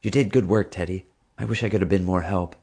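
A man with a deep voice voicing a bold, teasing young girl who talks eagerly and asks endless questions in a storybook reading. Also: fairly even intonation, fast, gravelly, dark tone, husky, exaggerated voice.

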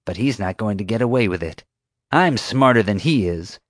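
A man's voice: on the low side, expressive, normal speed, no echo, clean studio sound. A man voicing a bossy, sneering female park security officer who snaps and accuses. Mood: scheming. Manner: snapping, accusing, sarcastic.

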